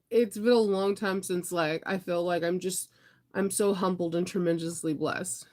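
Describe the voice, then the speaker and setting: A woman's voice: on the low side, moderate pace. A woman who is congested from being sick, chatting casually on a livestream in a rambling, upbeat way. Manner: rambling, upbeat, answers viewer comments. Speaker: vlogger.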